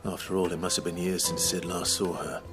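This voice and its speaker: A man plays a grim outlaw swordsman from a video game who speaks in a deep, low register. His delivery is clipped and formal, with game music playing clearly behind him. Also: level tone, brisk, lightly acted. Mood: steady. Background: game soundtrack music.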